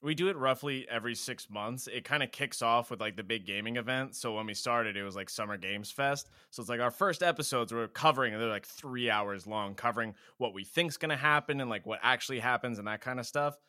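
Man, bright voice, matter-of-fact, mid pitch, casual. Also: brisk, few pauses, no echo, clean studio sound. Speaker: podcast guest. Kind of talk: casual chat.

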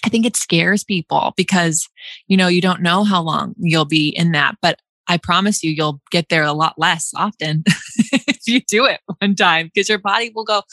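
Host type, young woman, slightly low pitch, dry close sound, chatty with lots of laughs. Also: normal speed, fairly bright tone, no room sound. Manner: chatty, laughs often, many restarts and likes. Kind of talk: casual chat.

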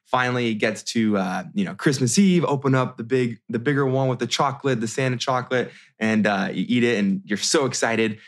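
Thirtysomething american guy telling a story, chatty and animated, lots of restarts, medium pitch. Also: fairly quick, few pauses. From United States. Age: 30s. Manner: animated, many restarts and fillers. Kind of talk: casual storytelling.

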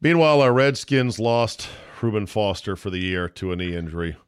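A middle-aged man with a lowish voice hosts a loose sports podcast, cracking jokes and cursing without a second thought. The sound is close and dry, with no room around him. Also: lively intonation, moderate pace, smooth, no room sound. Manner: blunt, wisecracking, swears freely. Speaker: podcast host. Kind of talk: casual sports talk.

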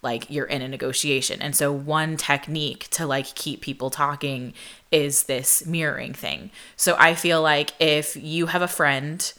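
Young woman, low-pitched, bright crisp voice, chatty storytelling, lots of "like". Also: a little slow. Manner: chatty, animated, lots of "like", acts out quoted voices. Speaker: podcast host. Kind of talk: casual storytelling monologue.

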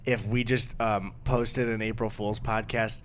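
A man's voice: fairly low pitch, flat delivery, a little slow, a little hiss or hum. A young man co-hosting a casual podcast, rambling, swearing freely and laughing often. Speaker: podcast co-host.

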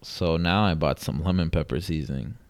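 A man's voice: a bass voice, brisk. A man in his twenties chatting casually as a podcast co-host, rambling and slangy, saying bro a lot. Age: 20s. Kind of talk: casual chat.

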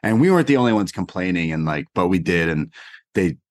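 A man co-hosting a casual podcast, telling an animated anecdote with lots of fillers. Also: sits low, fast talker, no echo, clean studio sound. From Canada. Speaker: podcast co-host. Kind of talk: casual chat, storytelling.

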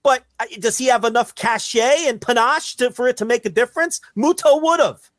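A man's voice: very high-pitched, normal speed, no room sound. A man co-hosting a podcast in casual, profane, rambling chat. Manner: animated, profane, rambling with restarts. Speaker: podcast co-host.

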